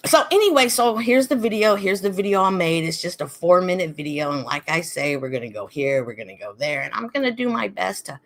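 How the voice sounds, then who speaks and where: A woman hosting a livestream, talking to her viewers in an animated, dramatic way and often laughing as she reacts. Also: fairly low pitch, brisk, hardly any pauses. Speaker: host.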